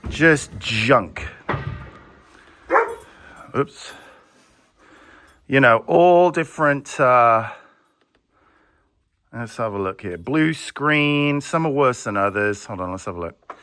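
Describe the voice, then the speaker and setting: A man's voice: mid-range voice, animated, takes it slowly, long pauses, sharp tone, smooth. A man who runs a video transfer business, ranting bluntly and sarcastically in a vlog, with some swearing.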